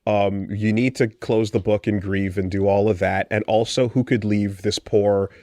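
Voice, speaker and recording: A man co-hosting a casual podcast discussion, animated and sarcastic, often restarting his sentences. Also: lowish voice, moderate pace, no echo, clean studio sound. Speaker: podcast co-host.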